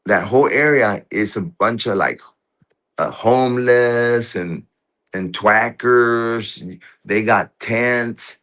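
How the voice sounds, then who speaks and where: A man telling a story as a guest in casual conversation, halting and restarting often, with rough, profane speech. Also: medium pitch, fairly bright tone.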